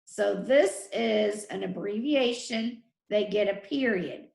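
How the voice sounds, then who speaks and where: A woman teacher runs a spelling lesson for children, slowly and deliberately sounding out letters and syllables. Her mid-range voice is creaky and a little mellow, and the room is echoey.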